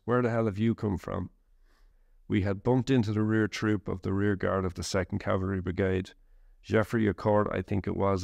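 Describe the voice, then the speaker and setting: A man reads a first-person war memoir in a measured, steady way. His low voice has a gravelly edge and stays flat in pitch. The sound is close and dry. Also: no echo. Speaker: narrator.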